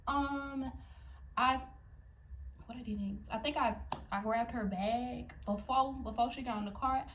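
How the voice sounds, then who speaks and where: A woman's voice: on the high side, fairly even intonation, a little slow, highs cut off, slight background noise. A young woman vlogger telling a story to her viewers, heated and profane, addressing them directly. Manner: talks straight to viewers. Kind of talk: storytime vlog.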